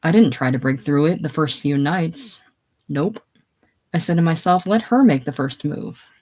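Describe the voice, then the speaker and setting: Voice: medium pitch, normal speed, darkish tone, lightly acted. A solo reader voicing a blunt, teasing man in a casual play reading.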